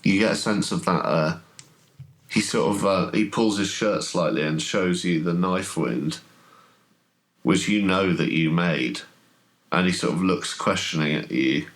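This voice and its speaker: A man running a horror tabletop game as game master, describing scenes in a halting way with many fillers. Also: sits low, poor audio.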